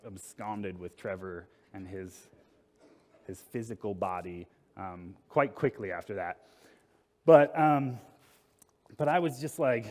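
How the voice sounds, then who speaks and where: Man, mid-pitched, telling a wry conference story; long hall reverb. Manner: casual and wry, with lots of fillers. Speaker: conference speaker. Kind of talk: storytelling talk.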